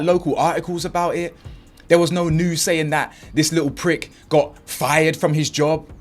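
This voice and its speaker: A man hosting his own commentary channel, ranting in a blunt, mocking, slangy way. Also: a little high.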